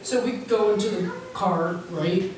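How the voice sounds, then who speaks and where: A man's voice: high-pitched, a little slow, darkish tone. Teenage boy, stand-up comic, rambling, restarts often, echoey hall, recorded from far off. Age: teens. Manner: rambling storytelling with many restarts. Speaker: stand-up comedian. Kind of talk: stand-up set. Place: stage in a hall with an audience. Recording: echoey room from far off with noise.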